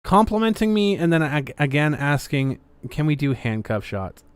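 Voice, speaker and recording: A man's voice: fairly high pitch, very animated, normal speed, smooth, no echo. A man hosting a casual livestream, reading viewer messages aloud with sarcastic, swearing commentary. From Canada. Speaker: livestream host.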